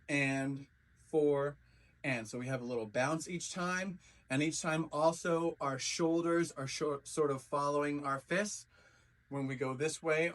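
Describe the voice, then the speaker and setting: A man with a slightly high voice leads a dance class step by step, calling out counts and beat sounds while he demonstrates the moves. He sounds a little distant from the microphone. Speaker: dance instructor. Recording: voice from a distance from the mic.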